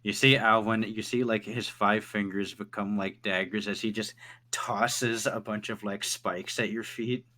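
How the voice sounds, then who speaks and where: A man's voice: lowish voice, steady tone, measured pace, sharp tone. A man narrating a tabletop game as game master, often stumbling and repeating words.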